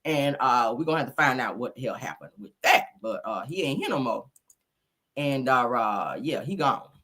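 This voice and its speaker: A man hosting a gossip commentary show, talking with dramatic exclamations and animated reactions. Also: medium pitch, moderate pace.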